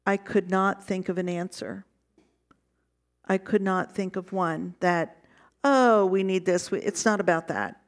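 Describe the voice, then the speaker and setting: Slow-speaking woman pastor giving a sermon. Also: mid-range voice. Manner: reflective, personal storytelling.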